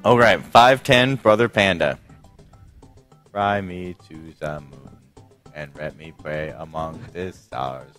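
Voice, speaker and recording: A man on a casual podcast, reading listener messages in a deadpan voice and often breaking into laughter. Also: low voice, takes it slowly, soft background music.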